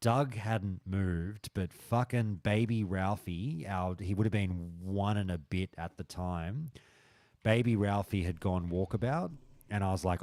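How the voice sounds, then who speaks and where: A man with a fairly low voice hosts a stream and chats with his viewers. He tells animated stories and swears freely. The recording is dry and close. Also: measured pace, dry recording. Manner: frequent swearing, animated storytelling. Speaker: stream host. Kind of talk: casual chat with live chat.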